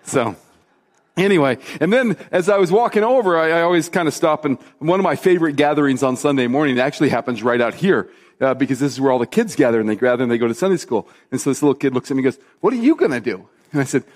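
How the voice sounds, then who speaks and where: A pastor preaching a relaxed, conversational sermon live in church, full of fillers and repeated phrases. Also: male voice, medium pitch, quick pace. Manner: chatty, loose, repeats himself, many fillers. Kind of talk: casual spoken sermon to a live congregation. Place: church service, sanctuary.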